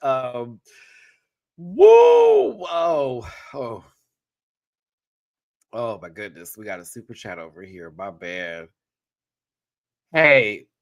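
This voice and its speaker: A man hosting a live-stream review, talking to his chat with frequent laughter and quick asides. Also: mid-range voice, dry recording, clean studio sound. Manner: animated, laughs often, breaks into bits and quick asides. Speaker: host reviewing a reality show live.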